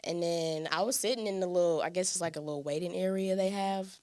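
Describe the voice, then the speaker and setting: A young woman with a lowish voice tells a personal story on a podcast, animated and chatty, often calling out to her listeners. She is close to the mic, and the sound is dry, with no room echo. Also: fast talker. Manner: animated, conversational, addresses listeners as "y'all". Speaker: podcast host. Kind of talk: casual testimony storytelling.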